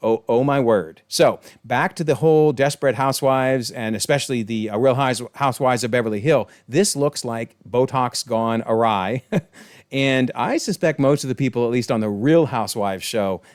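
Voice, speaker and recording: A man talking through a TV episode in a loose, chatty way, amused and quick to call things hilarious. His voice sits at an ordinary middle pitch. The sound is dry and close, with no room echo. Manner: briefly acts out quoted lines in changed voices. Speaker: online TV episode reviewer. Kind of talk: casual episode breakdown commentary.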